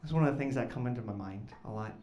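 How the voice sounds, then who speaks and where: Deadpan stand-up comic in an echoey club. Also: male voice, medium pitch, racing. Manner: deadpan, awkward, builds to loud laughing punchlines. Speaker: stand-up comedian. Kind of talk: stand-up comedy set. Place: comedy club stage with live audience. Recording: echoey club with audience noise.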